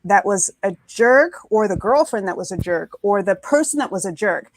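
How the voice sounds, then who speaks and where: A woman's voice: mid-range voice, expressive, normal speed, slight background noise. A woman on a panel, talking with emphasis and repeating words for stress, heard over a video call. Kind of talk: animated panel discussion.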